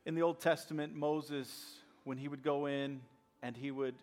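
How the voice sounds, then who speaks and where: A man's voice: fairly high pitch, steady tone, moderate pace, a little mellow. A male pastor preaching a sermon, repeating key lines and acting out the voices of skeptics. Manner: repetitive call-and-response preaching, acts out skeptics.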